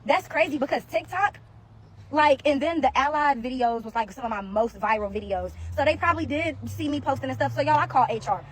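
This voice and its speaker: A woman's voice: high voice, fairly quick. A woman who used to work as a security guard, telling a casual story to the camera and acting out what other people said. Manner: animated, acts out other people's lines.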